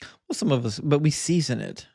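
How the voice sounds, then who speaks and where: A man's voice: on the high side, lively intonation, moderate pace, creaky, darkish tone, breathy edge, no room sound, studio quality. A man co-hosting a podcast, chatting casually and making opinionated, joking remarks. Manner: opinionated, joking, half-serious rants. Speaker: podcast co-host. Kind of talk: casual chat.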